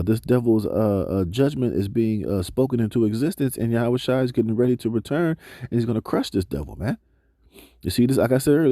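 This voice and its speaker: A man giving a slangy, informal scripture commentary, full of fillers and slowing down when he reads verses aloud. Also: medium pitch, warm tone, no echo, studio quality. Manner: casual slangy preaching, often ends phrases with "man", many "uh" fillers; slows down to read scripture aloud. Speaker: street preacher reading scripture.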